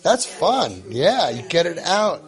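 His voice is a little high and sing-song, and he speaks slowly. The man is giving parents informal guidance, stressing and repeating his points, using Hebrew and Yiddish terms, and playing the parts of parents and kids in quotes.

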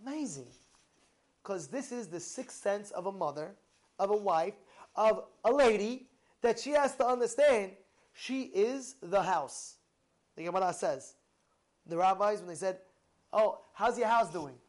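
A young man preaching with lots of energy, his fairly high voice jumping from hushed asides to near-shouts. He tells stories, acts out both sides of conversations, and keeps putting questions to the crowd. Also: unhurried, pauses often. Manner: excitable, storytelling, asks the audience questions, swings from loud to hushed. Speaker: rabbi giving a Torah class. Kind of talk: animated sermon with acted-out dialogue.

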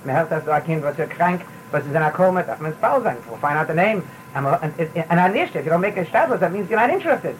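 A man's voice: a little high, lively intonation, quick pace, a little hiss or hum, low-quality recording. A man giving a sermon as a rabbi, repeating words and mixing in Yiddish phrases. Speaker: rabbi giving a Torah talk.

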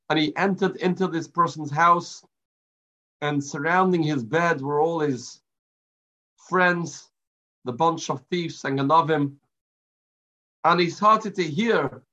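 Rabbi, fairly high voice, dramatic pauses, dull lo-fi sound. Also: male voice, fairly bright tone. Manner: storytelling with dramatic pauses, Yiddish and Hebrew terms. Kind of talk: Torah class sermon. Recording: lo-fi muffled recording.

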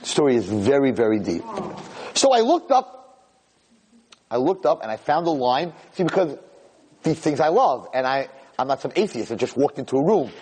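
Male lecturer, husky voice, animated and emotional storyteller. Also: mid-range voice, normal speed. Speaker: Torah lecturer. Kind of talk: storytelling talk to an audience.

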